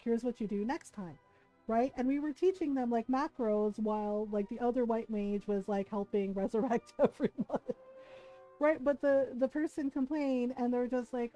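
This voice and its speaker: Mellow-voiced woman telling a story. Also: fairly high pitch, low-quality recording. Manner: chatty, keeps asking "right?", laughs often. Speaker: livestreamer. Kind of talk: casual storytelling chat.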